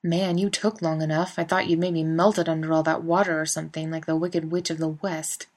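A woman voicing a brash, wisecracking young man who talks loud and offhand. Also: low-pitched, flat delivery, a little fast.

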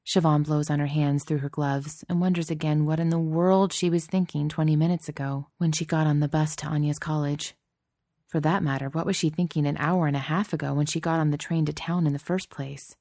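A woman narrating a story in a steady, measured, softly expressive way. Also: low voice, dry recording, studio quality. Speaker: audiobook narrator.

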